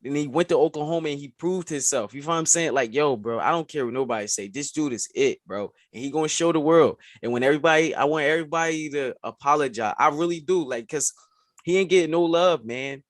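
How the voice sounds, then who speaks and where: A man co-hosting a podcast, chatting casually and excitedly about sports, saying "bro" often. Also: a little high, quick pace, no room sound, studio quality. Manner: animated, says "bro" often. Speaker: podcast co-host.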